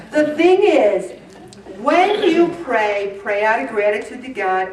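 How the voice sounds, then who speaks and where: A woman's voice: very high voice, lively intonation, measured pace, a little hiss or hum. A woman in her sixties giving a chatty, self-mocking faith talk to a group and asking them questions. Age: 60s. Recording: roomy, distant mic.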